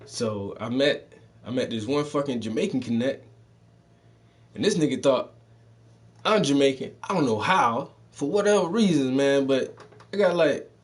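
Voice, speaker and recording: A man's voice: medium pitch, animated, normal speed, long pauses. Profane, laid-back storyteller man with a Southern-Northern mix. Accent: mixed Southern and Northern US. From Southern United States. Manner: loose, profane street slang with frequent laughs. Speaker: podcast host telling stories. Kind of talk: casual storytelling.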